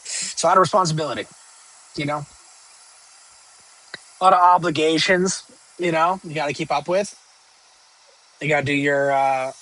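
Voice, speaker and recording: A man's voice: a little high, fairly bright tone, low-quality recording. Rambling joking streamer man. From northern United States. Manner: rambling, joking, with many fillers and restarts. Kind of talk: casual live-stream chat reading viewer questions.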